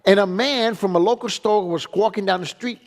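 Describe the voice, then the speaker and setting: A man's voice: high voice, fairly quick. A man, a pastor, giving a teaching lecture in an emphatic style, repeating phrases and asking "okay?" to drive points home. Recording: long reverb of a hall.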